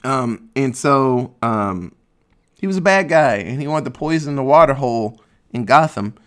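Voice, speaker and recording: A man's voice: mid-range voice, animated, normal speed, fairly bright tone. A man casually recapping a movie plot in a rambling, sarcastic way, swearing freely.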